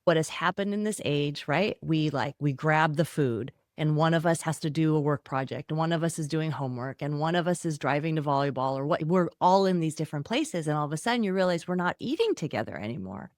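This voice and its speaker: Woman, middle-aged, author guest, lowish voice, dry close sound, animated storytelling. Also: brisk, hardly any pauses, no echo. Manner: animated, acts out quoted voices. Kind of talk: podcast interview.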